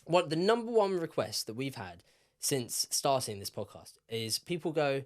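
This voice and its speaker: A man's voice: mid-range voice, sing-song, normal speed. A young man co-hosting a podcast in casual, rambling chat, teasing his friend. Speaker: podcast co-host.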